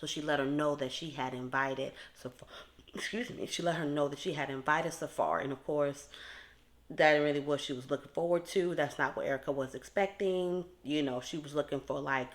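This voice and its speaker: Low-voiced woman chatting through a TV recap. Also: a little fast. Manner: chatty, rambling, with asides to viewers. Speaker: TV recap commentator. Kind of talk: casual commentary addressed to viewers.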